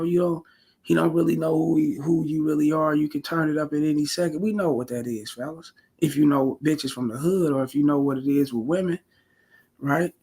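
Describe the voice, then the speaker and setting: A man's voice: a little high, gravelly, breathy edge. A man ranting casually on his vlog, blunt and profane, full of slang and repetition. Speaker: commentary vlogger. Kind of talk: casual commentary rant.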